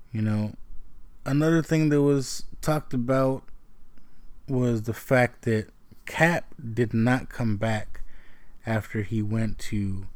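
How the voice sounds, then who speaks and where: Slow, rambling man reviewing a movie. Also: medium pitch, no echo. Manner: rambling, keeps asking "right?", swears casually. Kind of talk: casual spoken movie review.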